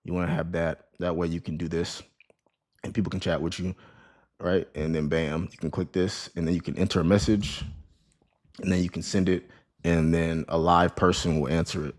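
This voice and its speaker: An online business course creator with a low, flat voice gives a casual screen-share lesson on running an online store at a moderate pace. He talks conversationally, often adding "right?" and "you know what I mean?", and restarts words.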